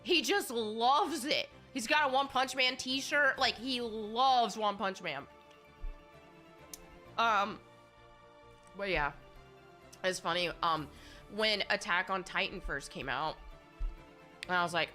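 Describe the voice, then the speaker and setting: Bright-voiced woman streamer with a cold. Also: medium pitch, takes it slowly, long pauses, faint music behind. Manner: rambling, candid storytelling. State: has a cold. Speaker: gaming streamer. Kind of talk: casual chat while streaming a game.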